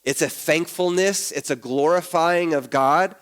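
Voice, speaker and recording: A man preaching an earnest sermon as pastor, often dropping low and quiet at the ends of his phrases. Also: unhurried.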